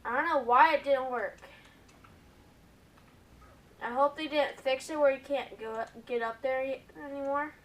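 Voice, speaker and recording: A woman hosting a gaming video, giving excitable gameplay commentary and often calling out to her viewers. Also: high voice, measured pace, pauses often, recorded from a distance, slight background noise. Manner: excitable, keeps addressing viewers as "guys".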